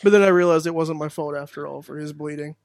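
A man's voice: a little high, steady tone, fast talker, creaky, no echo. A man chatting in a studio, sheepish and self-mocking, laughing often. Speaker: regular guest. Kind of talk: casual chat.

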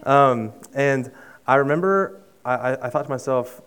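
A young man delivers a sermon built around a personal story, speaking in a smooth, resonant voice of ordinary middle pitch. He is earnest and conversational, unhurried, and restarts his phrases. On heartfelt, emotional lines he sinks to a near-hush.

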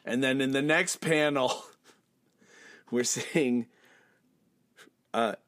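A man's voice: medium pitch, very slow, a bit bright, no echo, studio quality. A man co-hosting a casual podcast, reading comic panels aloud and making pedantic asides about punctuation, laughing often. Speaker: podcast co-host.

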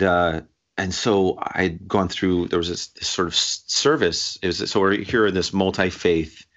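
A man with a fairly low voice tells a personal story in casual conversation. He stumbles, restarts and laughs as he goes. The recording sounds dull and lo-fi. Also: a bit bright. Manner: halting, many restarts, laughs while telling. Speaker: guest sharing a story.

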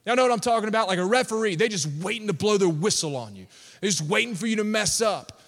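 A pastor, preaching a sermon with animated storytelling and laughter. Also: male voice, extremely high pitch. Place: church hall. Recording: long reverb of a church hall.

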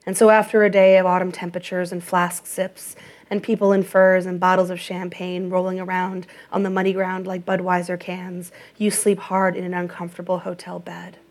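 A woman reading an audiobook in a measured, even narration. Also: lowish voice.

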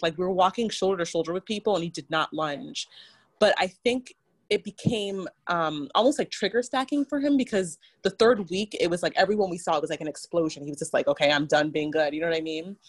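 A woman's voice: medium pitch, animated, brisk. A woman telling a personal story in casual chat, full of "like" and quoted back-and-forth. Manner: chatty, fillers like "like", quotes others. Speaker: guest.

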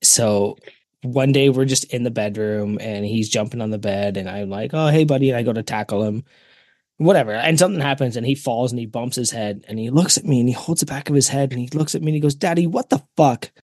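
A man's voice: medium pitch, fast, a little mellow, no room sound. Man, podcast host, laid-back storytelling, laughs, dry sound. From Canada. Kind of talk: casual podcast chat.

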